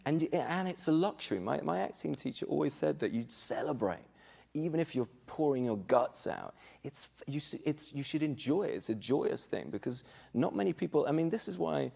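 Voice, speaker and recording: A man's voice: a little high, animated, fairly quick, creaky, a little mellow. A middle-aged man, a guest actor chatting casually in an interview, hesitant and thoughtful.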